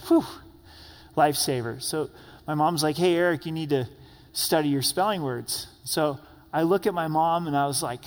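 A man with a high voice delivers a sermon from the pulpit. He tells his stories with animation and gives the quoted characters voices of their own. His words ring out with the long reverb of a church sanctuary. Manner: storytelling, acts out quoted voices. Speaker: pastor.

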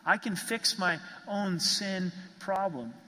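A pastor delivers a sermon in a bright, fairly high voice, slowly and with animation, earnestly emphasizing and repeating his key phrases. A long reverb makes his words ring out as in a church hall.

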